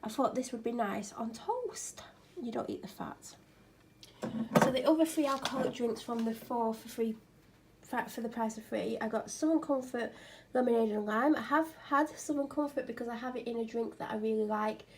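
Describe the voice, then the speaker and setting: A woman's voice: a little high, normal speed. A woman vlogging at home on a clip-on mic, ill and tired, chatting in a rambling, self-mocking way. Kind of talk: casual chat. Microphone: clip-on microphone.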